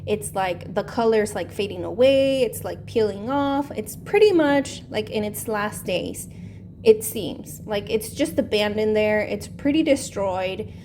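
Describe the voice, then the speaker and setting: A woman's voice: medium pitch, expressive, a little slow, a little mellow, slight background noise. A woman hosting her own channel, casually retelling a movie plot in a rambling way, full of "like" and "um". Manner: rambling, heavy use of "like" and "um". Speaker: savings channel host.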